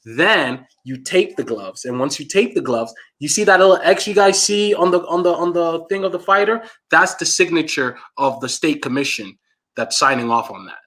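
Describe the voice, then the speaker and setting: A man's voice: a little high, normal speed, a bit bright. A man co-hosting a casual combat-sports podcast, explaining things in a conversational way with plenty of fillers. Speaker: co-host.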